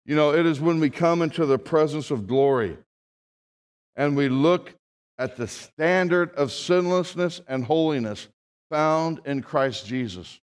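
A man preaching a sermon as a pastor, with dramatic swings from hushed, low reading to loud, raised proclamation. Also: unhurried, clean tone. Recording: long hall reverb.

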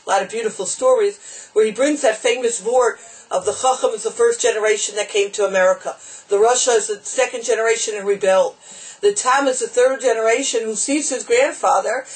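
Brief: chatty Torah teacher, mid-pitched, wanders off on asides, drops in Hebrew phrases. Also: rough recording. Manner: conversational and digressive, mixing in Hebrew and Yiddish terms. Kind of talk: informal Torah lesson on the Haggadah.

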